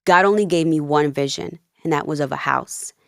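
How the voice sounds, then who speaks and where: Woman, life coach, podcast guest, earnest storytelling, low voice, dry close sound. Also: moderate pace, vocal fry, no room sound. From New Jersey, of Peruvian family. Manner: earnest, animated retelling with quoted dialogue. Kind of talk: candid storytelling in a podcast interview.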